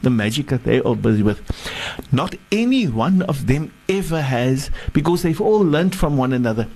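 A sheikh retelling a sacred story in a sermon, halting often and repeating words as he searches. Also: mid-range voice, big pitch swings, darkish tone, rough recording.

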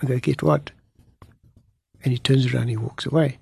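Gravelly man telling his story. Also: mid-range voice, fairly even intonation, normal speed, darkish tone, no echo. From farming background. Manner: vivid retelling that acts out dialogue. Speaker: guest telling a personal testimony. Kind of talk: first-person storytelling.

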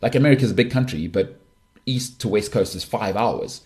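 A man's voice: fairly low pitch, moderate pace, darkish tone. A middle-aged man hosting a solo sports podcast, talking in an opinionated, emphatic way with frequent restarts. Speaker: podcast host.

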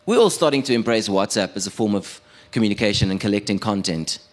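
Animated comic, low voice. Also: male voice, quick pace. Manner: animated, stumbling restarts. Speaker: radio producer doing comedy. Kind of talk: stand-up comedy set.

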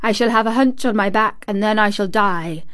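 A woman's voice: medium pitch, moderate pace, a bit bright, close to an everyday voice. A woman reading an audiobook, voicing a sickly, hysterical boy who gasps and sobs. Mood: wailing. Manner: gasping, sobbing, choked. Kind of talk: audiobook character voice.

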